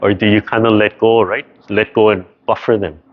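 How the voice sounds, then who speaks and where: A man's voice: lowish voice, level tone, normal speed, slight background noise. A man teaching a tai chi class over a video call, explaining carefully and checking in with "right?" after almost every point. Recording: dull lo-fi video call audio.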